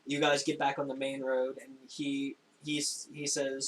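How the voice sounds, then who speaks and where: A young man narrating a tabletop game as game master, in a casual, halting way with frequent laughs. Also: medium pitch, monotone, a little hiss or hum, low-quality recording. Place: home room, recorded for a stream.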